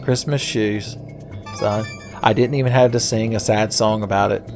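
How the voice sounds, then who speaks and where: A man's voice: fairly low pitch, fairly even intonation, normal speed, over music. A man hosting a casual let's-play video, rambling with sarcastic, profane jokes. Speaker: gaming video host.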